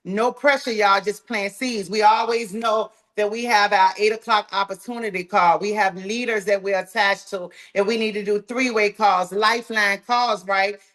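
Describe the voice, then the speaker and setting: A woman with a Southern US drawl, running a live sales training call in a folksy, energetic, encouraging way. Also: mid-range voice, moderate pace, hardly any pauses. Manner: folksy, talks straight to the group, says "y'all" often.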